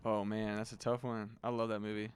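A man's voice: lowish voice, level tone, brisk, smooth, no echo, studio quality. A man on a podcast, laid-back and rambling with lots of "like" and "dude". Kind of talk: casual chat.

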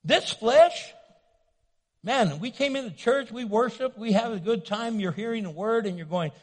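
A man preaching a sermon as pastor, loud and animated, joking and acting out little scenes. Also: high voice, moderate pace, in a large hall. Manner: loud, animated, playful with acted asides. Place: church sanctuary.

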